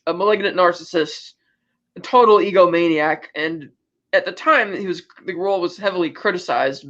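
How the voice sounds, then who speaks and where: High-voiced man recapping a film. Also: a bit bright, muffled recording. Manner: retells scenes acting out quotes in quick asides. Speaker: podcast co-host.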